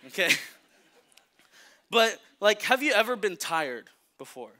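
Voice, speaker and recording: A man's voice: sits high, very animated, slow pace, noisy background. A young man preaching a casual, joking sermon, telling a story with lots of fillers. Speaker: youth preacher.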